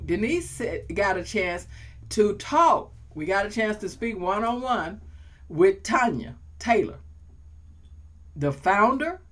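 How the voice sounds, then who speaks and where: A woman's voice: medium pitch, a bit bright. A woman hosting a talk show, chatting playfully and building to preacher-like repetition. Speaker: show host. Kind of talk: casual talk show chat.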